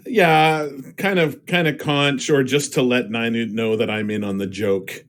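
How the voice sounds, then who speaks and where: A man's voice: mid-range voice, fairly even intonation, a little slow, fairly bright tone. A man playing a tabletop game online, joking and hesitant with many restarts, on a computer mic. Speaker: player. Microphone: computer mic on an online call.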